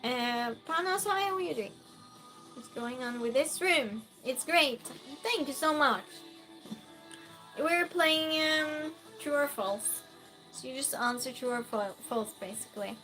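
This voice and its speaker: A woman hosts a relaxed live-stream quiz. Her voice sits high and sounds bright and clear. She talks slowly, greets viewers one by one and reads their messages aloud, with faint music playing behind her. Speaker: streamer hosting a chat game. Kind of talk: casual live-stream chat.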